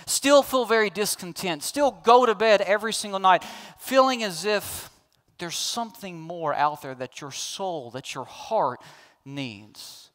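A man's voice: sits high, expressive, measured pace, a bit bright. A man preaching a sermon as a pastor, emphatic, building to pleading questions.

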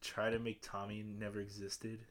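A man's voice: on the low side, monotone, normal speed. A man in his twenties co-hosting a podcast, bantering and joking. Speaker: podcast co-host. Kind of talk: casual chat.

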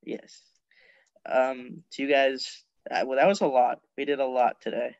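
Slow, halting podcast host. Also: male voice, mid-range voice, gravelly, darkish tone, lo-fi sound. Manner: rambling, halting, laughs often. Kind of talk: casual podcast banter.

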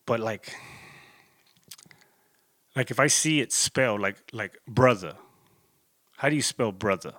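A man's voice: fairly low pitch, measured pace, pauses often, a bit bright, no echo. Laid-back cursing man. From Corpus Christi, Texas. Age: 30s. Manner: laid-back, profane, rambling with many fillers. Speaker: vlogger. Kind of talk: casual rambling monologue.

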